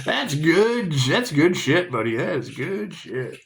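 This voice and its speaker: A man's voice: fairly high pitch, sing-song, slow pace, creaky, long pauses. A man giving a loose, rambling spiritual tarot talk, swearing, laughing and humming little tunes between thoughts. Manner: profane, laughing, humming asides. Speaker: tarot reader.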